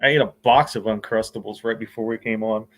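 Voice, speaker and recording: A man's voice: on the low side, fairly even intonation, fast, fairly bright tone, rough recording. A man hosting a casual podcast chat, easygoing and rambling, with lots of fillers. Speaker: podcast host.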